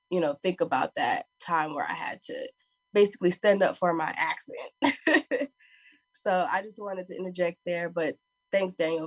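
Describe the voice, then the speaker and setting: A woman with a Southern US accent, chatting on a conference panel and laughing often as she talks. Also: lowish voice. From Southern US (Florida). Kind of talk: casual panel talk.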